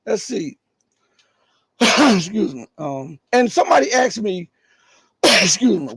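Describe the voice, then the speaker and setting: Middle-aged male streamer, raspy and scratchy, pitched high, close and dry, pushes hard on rhetorical questions. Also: darkish tone, no room sound. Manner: emphatic, full of rhetorical questions. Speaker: live-stream news commentator. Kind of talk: live news commentary.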